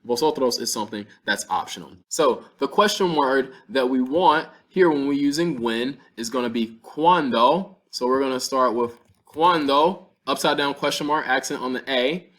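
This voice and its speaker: A man teaching a Spanish lesson, explaining step by step and slowing down to sound out example words. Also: medium pitch, a bit bright. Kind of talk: classroom-style language lesson.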